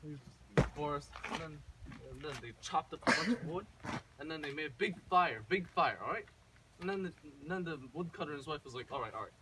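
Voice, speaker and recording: A man's voice: fairly high pitch, a little fast. A man casually retelling a fairy tale, rambling with many fillers and restarts. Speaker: storyteller. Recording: distant mic with faint noise.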